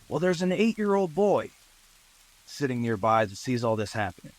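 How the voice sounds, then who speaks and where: A man narrating a true-crime story in a relaxed, conversational way, with asides and fillers. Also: mid-range voice, brisk, poor audio.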